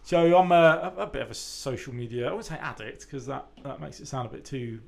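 A man's voice: mid-range voice, brisk, creaky, a little mellow. A man with a sweary, rambling storytelling manner, chatting casually on a podcast.

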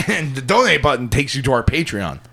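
A man's voice: mid-range voice, big pitch swings, moderate pace, creaky, bright, forceful tone. A man co-hosting a podcast, bantering and teasing in casual chat from a standing desk mic. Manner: bantering, teasing, laughs often. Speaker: podcast co-host. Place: podcast studio.

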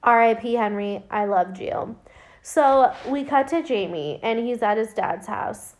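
A woman's voice: fairly high pitch, expressive, unhurried, darkish tone. A woman recapping a film in casual chat, rambling with lots of fillers and swearing, her voice worn and her throat dry. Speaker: podcast host recapping a film.

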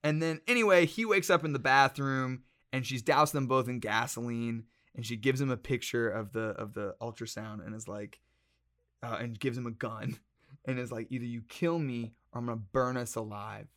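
A young man in casual podcast chat, telling a story in an animated, laughing way with plenty of swearing. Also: mid-range voice, moderate pace. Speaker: podcast guest.

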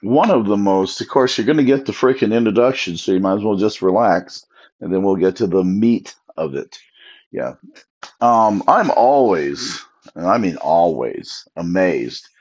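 A man's voice: low-pitched, expressive, unhurried, a little mellow, breathy edge. A man talking casually on his own, sleepy and yawning, rambling with restarts as he tells his thoughts. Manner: rambling, chatty, with self-interrupting restarts. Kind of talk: casual solo monologue. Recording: dull lo-fi recording.

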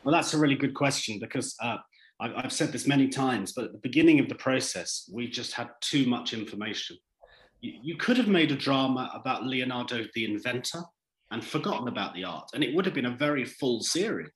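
Male series writer, interview guest, animated storyteller, echoey room. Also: mid-range voice, a little fast. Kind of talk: interview answers.

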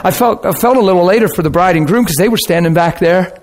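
Male pastor, high voice, animated sermon storytelling with sound effects. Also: fast. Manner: preacherly, asks listeners questions.

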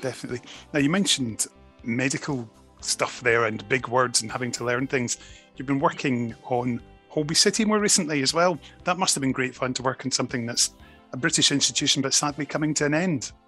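A man with a Scottish accent interviewing a guest in a friendly, relaxed way. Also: medium pitch, brisk, slightly rough, soft background music. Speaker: radio interviewer. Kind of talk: casual interview.

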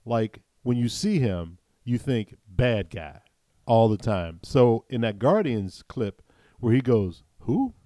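A man's voice: mid-range voice, expressive, takes it slowly, few pauses, warm tone, no echo. A man co-hosting a casual movie chat, chatty with many you-knows and likes. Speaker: podcast co-host.

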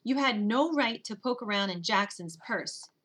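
Audiobook role: a woman playing a commanding big brother, irritable and bright-voiced. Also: a little high, animated, unhurried. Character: boy, bossy older brother. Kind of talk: audiobook character voice.

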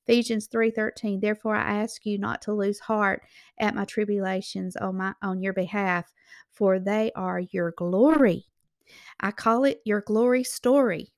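A woman's voice: mid-range voice, steady tone, a little slow, dry recording, studio quality. A woman hosting a Christian devotional show, giving an earnest, encouraging sermon and reading scripture verses aloud. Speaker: Christian ministry host.

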